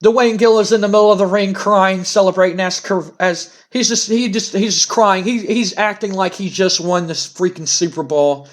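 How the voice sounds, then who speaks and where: A man hosting a let's play of a wrestling sim, narrating with excitable, stammering disbelief. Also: high voice, normal speed, few pauses.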